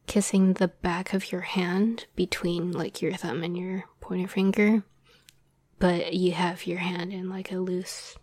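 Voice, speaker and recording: A young woman talks about writing audio drama scripts in a soft, rambling whisper full of fillers and small laughs, as whispered role-play talk. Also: lowish voice, dry recording.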